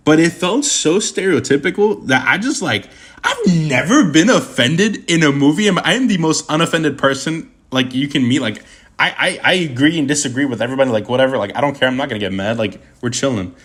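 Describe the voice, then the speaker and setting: A young man of Puerto Rican heritage chatting casually on a livestream, rambling and animated, with constant stammering restarts and slang. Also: on the high side, a little fast, husky. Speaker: streamer answering chat.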